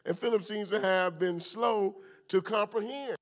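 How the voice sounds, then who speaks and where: Animated high-voiced preacher man. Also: unhurried. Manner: animated preacher, swings from loud bursts to low asides. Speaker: pastor. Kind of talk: Bible study teaching.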